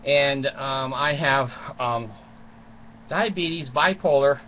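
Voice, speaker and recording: A man's voice: mid-range voice, slow, lo-fi sound, a little hiss or hum. An older man rambling through a crude, self-mocking comic monologue from a small closet at home, chuckling often. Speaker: vlogger.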